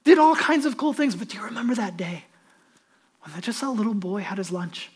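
A man's voice: high voice, fairly quick, breathy edge. Man, pastor, sermon, earnest, conversational, asks direct questions.

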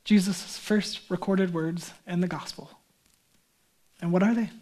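A man's voice: high-pitched, fairly even intonation, a little slow, darkish tone. A man, a pastor, preaching a sermon in a conversational way, often asking and answering his own questions.

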